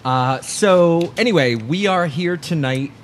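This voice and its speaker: A man's voice: a little high, a little slow, crowd noise. A man hosting a casual podcast, telling stories and joking, laughing often as he talks. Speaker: podcast host.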